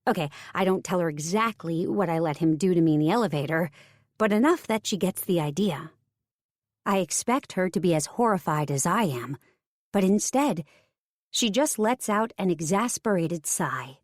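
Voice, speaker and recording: A woman with a low voice narrates a first-person romance. She reads with wry, self-mocking humor. The recording is close and dry. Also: animated, normal speed, dry recording. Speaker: audiobook narrator.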